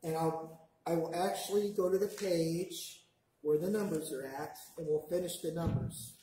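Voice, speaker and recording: A man teaching a language class, patiently modelling words slowly for the class to repeat back. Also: fairly high pitch, fairly even intonation, dark tone, a little hiss or hum. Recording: very echoey classroom.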